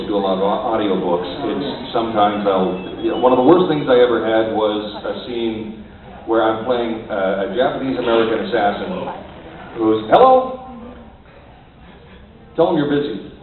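A middle-aged male voice actor answering audience questions on a convention panel, thoughtful and halting with many fillers. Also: on the low side. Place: large convention hall. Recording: tinny distant echoey hall recording. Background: crowd murmur.

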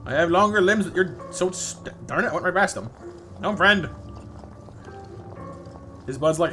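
A man's voice: high-pitched, normal speed, long pauses, pushed and bright, faint music behind. A man streaming live gameplay, chatting playfully with viewers and reacting to the game.

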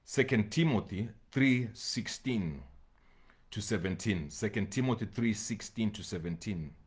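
A man preaching a sermon to his congregation, reading scripture slowly and repeating phrases for emphasis, sometimes pleading with his listeners. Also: on the low side. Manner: addresses congregation directly, pleading. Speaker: pastor.

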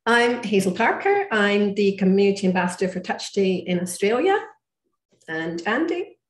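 A woman's voice: mid-range voice, sing-song, moderate pace. Scottish woman co-host, friendly introductions, echoey room sound. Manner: friendly and welcoming. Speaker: community ambassador, co-host. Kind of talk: webinar introductions.

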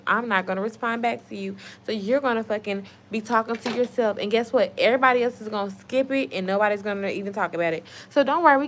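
Young woman streamer, outdoors on phone, blunt and profane, faint noise. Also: mid-range voice. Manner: blunt, swears freely, talks back to trolls. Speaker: livestream host reading chat. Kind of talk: casual live-stream chat. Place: outdoors at home, evening.

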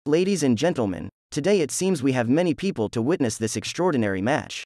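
A man's voice: mid-range voice, big pitch swings, fairly quick, mellow, no echo, clean studio sound. A man voicing a showy male arena announcer addressing a crowd. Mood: hyping.

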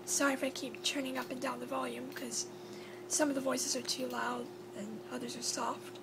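A woman's voice: high-pitched, flat delivery, moderate pace. A woman hosting a casual video, chatty and apologetic, sometimes dropping to a whisper. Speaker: video host. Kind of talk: casual chat. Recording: clear background hum.

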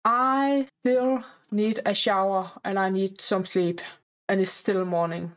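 Woman, gameplay commentary, chatty, plays the baby, playfully demanding, mid-pitched voice. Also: steady tone, slow.

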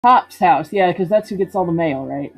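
A woman's voice: lowish voice, normal speed, slightly rough. A woman casually commenting on a video game she streams, reading text aloud and joking about it. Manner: playful, reads game text aloud and jokes. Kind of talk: casual let's-play commentary. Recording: dull lo-fi stream audio with game music.

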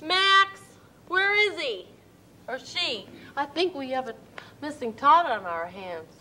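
A woman's voice: high voice, big pitch swings, takes it slowly, pushed and bright, a little hiss or hum. A woman presenting a children's TV show who sounds out letters and words in delighted tones. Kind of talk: slow phonics teaching.

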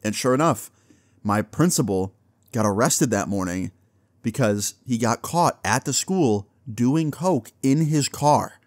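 A young man casually telling a personal story to his viewers, acting out the dialogue in an animated way and swearing now and then. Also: mid-range voice, a little slow, no echo, clean studio sound. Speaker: storytime vlogger.

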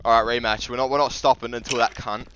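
A man with an Australian accent giving sweary gameplay commentary, excitable and yelling at enemies. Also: mid-range voice, quick pace, a crowd in the background. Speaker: gaming video host. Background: loud game music.

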